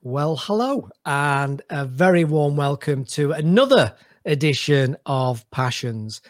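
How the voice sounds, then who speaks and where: An upbeat man hosting a podcast, his voice sitting a little high for a man. He talks in a chatty, friendly way. The sound is close and dry, with no room behind it. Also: animated, takes it slowly, no echo. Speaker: podcast host. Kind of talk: casual interview.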